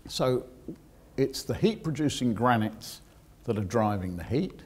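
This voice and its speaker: A geoscientist giving a public lecture, explaining technical details with dry asides to the audience. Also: male voice, medium pitch, lively intonation, unhurried, slight background noise.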